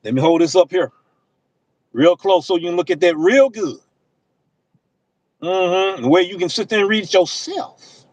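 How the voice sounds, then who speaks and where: A man's voice: high voice, a little slow, long pauses, darkish tone, no echo, rough recording. Impassioned man lecturing his viewers. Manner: impassioned, preachy, talks straight at the audience; slang-heavy casual speech. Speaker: delivery driver. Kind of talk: livestream commentary to viewers.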